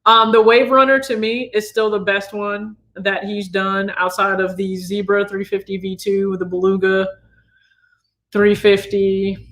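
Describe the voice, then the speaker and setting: Midwestern man, 30s, channel host; easygoing chat with a sharp, bright tone. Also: high voice, a little slow. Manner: relaxed, chatty, reads viewer questions aloud. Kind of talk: casual livestream Q&A.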